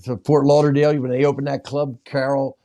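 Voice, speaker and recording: A man's voice: medium pitch, little pitch movement, fairly quick, mellow. A comedian guest telling stories about his early career in a rambling way, chuckling as he goes. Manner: rambling, chuckling between lines. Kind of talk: casual comedy storytelling.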